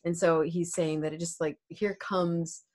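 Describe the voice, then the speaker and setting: A woman's voice: on the low side, steady tone, unhurried, darkish tone. Chatty woman teacher explaining a play. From United States. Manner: chatty and explanatory, laughs easily. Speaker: English teacher. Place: home room. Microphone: desk mic.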